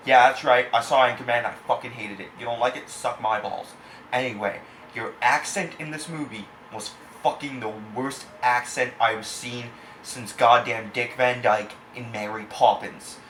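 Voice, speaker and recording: A man's voice: mid-range voice, a bit bright. A man ranting angrily in a film review, swearing constantly and insulting the filmmakers. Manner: angry, profane, insulting. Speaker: movie reviewer. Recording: echoey room, faint background hiss.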